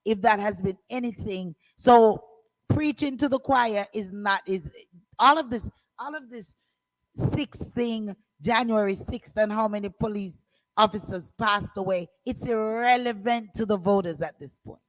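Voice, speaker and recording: A woman's voice: mid-range voice, unhurried, poor audio. A woman hosting a call-in radio show, arguing her point with emphasis and repeating phrases.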